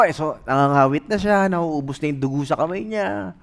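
A man with a Filipino accent preaching a sermon as pastor, telling stories in an animated, humorous way. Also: on the high side, a little fast, vocal fry. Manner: animated, humorous storytelling mixing English and Tagalog.

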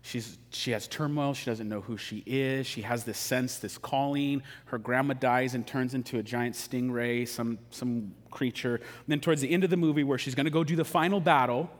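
A man's voice: mid-range voice, fairly even intonation, moderate pace, few pauses, big-room sound. A man preaching a sermon in a casual, joking, conversational way. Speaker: pastor.

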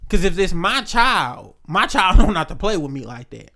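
A man talks in a relaxed, casual chat. He speaks bluntly and with emphasis. He tells stories and quotes the people in them as he talks. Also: high voice, normal speed.

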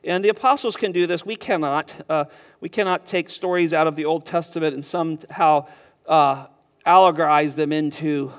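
A man preaching a sermon, animated and chuckling now and then as he repeats words and teaches through a passage. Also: fairly high pitch, normal speed. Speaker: pastor.

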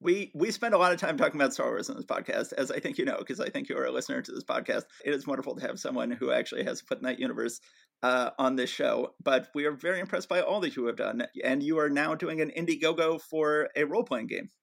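A man's voice: mid-range voice, quick pace, creaky, fairly bright tone. A man from Atlanta hosting a podcast, talking in a casual, upbeat and welcoming way. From Atlanta, Georgia. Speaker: podcast host.

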